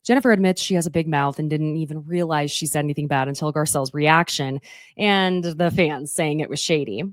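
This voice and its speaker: A woman's voice: deep voice, a little fast, no room sound, studio quality. A woman chatting casually as she recaps a reality show, gushing and often laughing. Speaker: recap host.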